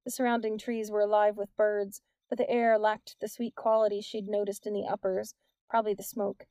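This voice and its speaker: A woman narrates an audiobook from a script in a measured, even manner. Her voice is medium-pitched, and there's no room sound.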